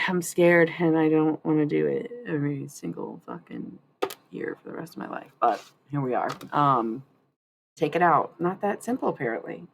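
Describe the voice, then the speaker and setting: A woman's voice: low voice, gravelly, a little hiss or hum. A woman chatting casually on a live stream, rambling and candid, swearing freely. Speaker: livestreamer.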